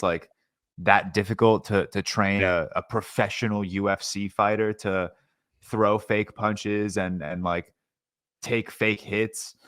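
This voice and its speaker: A man's voice: lowish voice, a bit bright, no echo, studio quality. A young man co-hosting a podcast, chatting casually about a film with lots of fillers and restarts. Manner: rambling with many fillers and restarts. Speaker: podcast co-host, film reviewer. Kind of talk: casual movie review chat.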